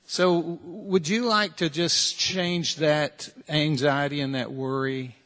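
Man, preacher, slightly high voice, earnest sermon delivery with long hall reverb. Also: fairly even intonation, takes it slowly, a bit bright. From United States. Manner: earnest, direct preaching full of repeated challenges and rhetorical questions.

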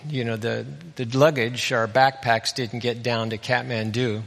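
Bright-voiced preacher in an echoing hall. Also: male voice, mid-range voice, unhurried, creaky. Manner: relaxed, folksy retelling of scripture. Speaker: pastor. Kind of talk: conversational sermon storytelling. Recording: long reverb of a hall.

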